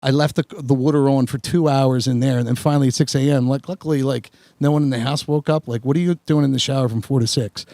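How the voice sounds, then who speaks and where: A man's voice: medium pitch, steady tone, fast talker, few pauses, warm tone, no echo. A man, a podcast host telling a long embarrassing story in a rambling, self-mocking way full of filler words. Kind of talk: casual storytelling chat.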